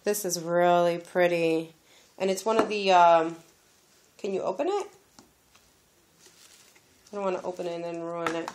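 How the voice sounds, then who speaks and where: A woman's voice: lowish voice, fairly even intonation, moderate pace, long pauses, darkish tone, slight background noise. A woman vlogging as she opens a gift, gushing and exclaiming over each item in a casual chat. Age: adult, has a daughter. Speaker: crafting vlogger opening a gift.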